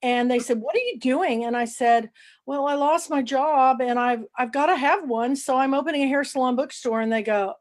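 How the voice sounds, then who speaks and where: A woman in her sixties, an interview guest, telling lively anecdotes and acting out what people said. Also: high-pitched, moderate pace. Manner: lively anecdotal storyteller, acts out quoted dialogue. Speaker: author and book club founder, interview guest. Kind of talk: casual storytelling interview.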